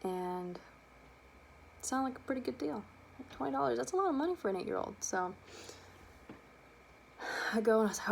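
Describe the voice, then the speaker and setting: A young adult woman telling a personal childhood story, lively and animated, acting out the quotes. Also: a little high, normal speed, vocal fry, long pauses, slight background noise. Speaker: student storyteller.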